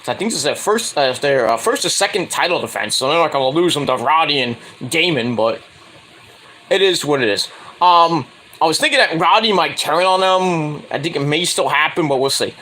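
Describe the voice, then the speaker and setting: A man's voice: a little high, lively intonation, a little fast. A man casually reviewing a wrestling show on his own, rambling with crude asides. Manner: rambling, crude asides, jumps into loud impressions.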